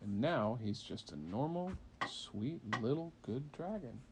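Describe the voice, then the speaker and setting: A man's voice: medium pitch, animated, a little slow, noisy background. A man, a parent, making up a bedtime story for a child in a casual, rambling way with fillers.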